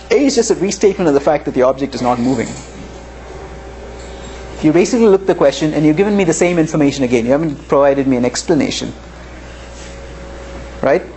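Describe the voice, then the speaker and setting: A man's voice: a little high, darkish tone. A man teaching a live physics class in a lecture hall, talking conversationally and often checking in with "right?". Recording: faint room noise in a lecture hall.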